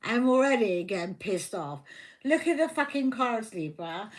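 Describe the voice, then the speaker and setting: A woman's voice: medium pitch, big pitch swings, measured pace. A woman giving a live tarot reading, heated and fiercely protective of her viewer, swearing constantly. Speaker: tarot reader.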